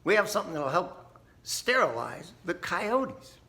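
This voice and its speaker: A man's voice: high-pitched, big pitch swings, unhurried, gravelly, sharp tone, voice pushed up, full character voice. A man voicing a pushy male federal government agent who insists he is there to help. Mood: eager. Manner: eager, insistent.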